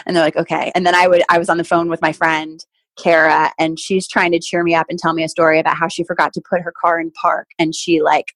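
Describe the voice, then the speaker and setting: A woman in her forties, a former athlete guest, telling stories in a casual interview, animated and laughing often as she acts out what people said. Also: lowish voice, fast talker, dry recording. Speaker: podcast guest, former Olympic swimmer.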